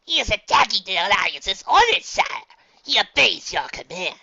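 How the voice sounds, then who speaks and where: A man voicing a scheming old female witch with a raspy, creaky crone voice, speaking shrilly and hurriedly in a dull lo-fi recording. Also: sits high, sing-song, normal speed, pushed and bright, pitched above the performer's own voice, heavily acted. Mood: urgent.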